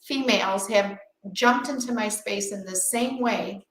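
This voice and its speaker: A woman co-hosting a podcast, telling a story in a casual, animated way and acting out quotes. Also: mid-range voice, unhurried, roomy sound, slight background noise, low-quality recording. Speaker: podcast co-host.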